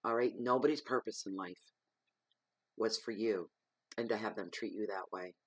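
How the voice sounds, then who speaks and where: A man's voice: on the low side, moderate pace, slightly rough, dry recording. A man giving a weekly tarot reading, talking in an emphatic, repetitive, earnest way, with a cough. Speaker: tarot reader.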